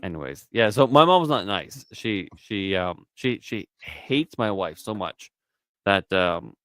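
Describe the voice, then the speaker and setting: A man's voice: on the low side, lively intonation, measured pace, fairly bright tone, clean tone, no room sound, studio quality. A man hosting a casual stream chat, rambling and swearing freely. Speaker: stream host.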